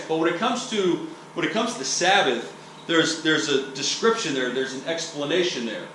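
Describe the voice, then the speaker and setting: A man's voice: on the high side, moderate pace. A preacher from Texas giving a teaching sermon in a conversational, explanatory way, often checking in with "okay?" and restarting his sentences. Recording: roomy echo, distant mic, faint hiss.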